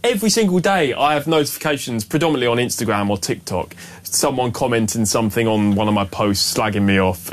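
A man's voice: mid-range voice, fast talker. A young English man in a casual studio chat, talking in a reflective, self-deprecating way.

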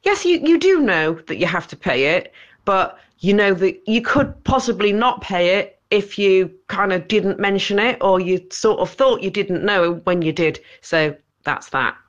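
A woman phones in to a talk radio show with a voice of middling pitch. She chats in a wry, rambling way, circling back over her point to make it plain. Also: expressive, measured pace, highs cut off. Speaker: caller. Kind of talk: phone-in opinion.

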